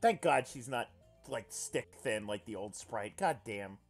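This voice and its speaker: A man playing a visual novel on stream, reading its text aloud and reacting in an animated, excitable way, swearing freely. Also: mid-range voice, measured pace, faint music behind. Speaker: let's player.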